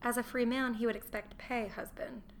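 A woman's voice: fairly high pitch, steady tone, moderate pace, slight background noise, close to an everyday voice. A woman reading a meek young Roman wife. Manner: meek, mild. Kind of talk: audiobook character voice.

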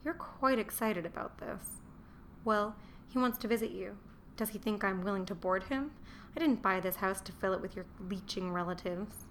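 A woman's voice: medium pitch, normal speed, fairly bright tone, slight background noise, natural voice. A woman voicing a middle-aged Roman merchant who barks and grumbles at his wife. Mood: suspicious. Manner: barking, grumbling, disdainful.

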